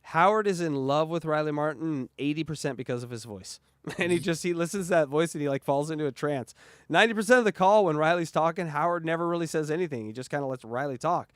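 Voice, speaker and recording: A man's voice: a little high, quick pace, no echo, clean studio sound. A man hosting a podcast in casual chat, joking and laughing often. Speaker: podcast host.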